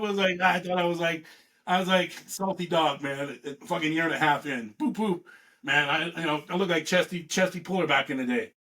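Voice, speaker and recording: A man in his fifties from California, a veteran guest telling rambling, profane stories in a casual, animated way. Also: fairly high pitch, a little fast. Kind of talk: casual storytelling.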